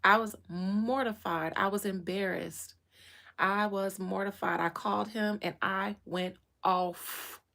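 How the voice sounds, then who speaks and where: A woman's voice: mid-range voice, steady tone, takes it slowly, vocal fry, sharp tone. A woman, telling her own life story with strong feeling and repeating phrases for emphasis. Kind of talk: emotional personal storytelling.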